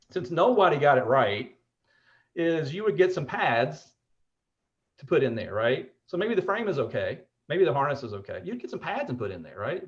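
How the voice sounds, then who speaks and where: A middle-pitched man in his forties who talks in a loose, rambling way, full of fillers, with a fatherly air. He sounds like he's on a call, and the audio comes through dull and lo-fi. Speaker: umpire equipment seller and mentor. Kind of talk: casual call-in chat.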